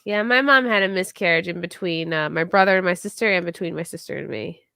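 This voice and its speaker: A pregnant woman hosting a podcast, chatting casually and telling animated stories. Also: fairly low pitch, fast, vocal fry, clear, resonant tone, no room sound, clean studio sound. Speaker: podcast host. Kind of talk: casual chat.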